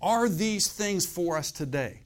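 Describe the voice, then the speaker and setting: A man's voice: high-pitched, expressive, a little slow. A middle-aged man preaching a sermon in a conversational way, often checking in with "okay?" and "amen?". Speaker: pastor.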